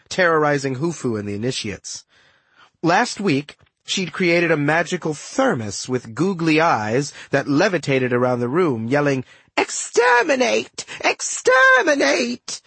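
Husky, lively male audiobook narrator. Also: fairly high pitch, a little slow, no room sound. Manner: lively storytelling with wry asides. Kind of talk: scripted first-person audiobook narration.

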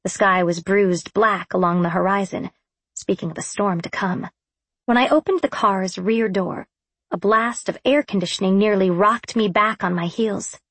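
A woman narrating a first-person audiobook in a wry, expressive storytelling voice. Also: medium pitch, moderate pace, no echo.

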